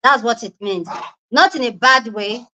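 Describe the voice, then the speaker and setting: A woman from Nigeria, hosting a casual live-stream chat from a room at home and squealing and shouting when excited. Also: a little high, normal speed, poor audio. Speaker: livestream host.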